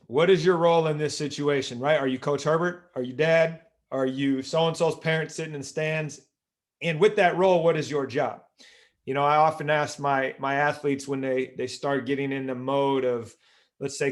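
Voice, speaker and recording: A man's voice: on the high side, moderate pace. A man hosting a podcast who is also a coach, summing up points in a reflective, conversational way. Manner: reflective, sums up points, steady backchannels. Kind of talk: conversational interview.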